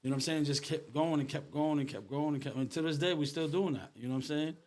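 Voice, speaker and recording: This middle-aged Rhode Island man's voice runs on the high side and moves fast, with a slight hiss or hum in the audio. He's an artist appearing as a guest, spinning animated stories in casual street slang and dropping "bro" often.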